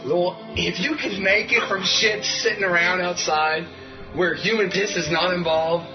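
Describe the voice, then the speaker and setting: A man's voice: high-pitched, steady tone, unhurried, dull audio, over music. Fired-up swearing man on a radio show. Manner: heated, swearing, builds to shouting. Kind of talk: profane comedic rant.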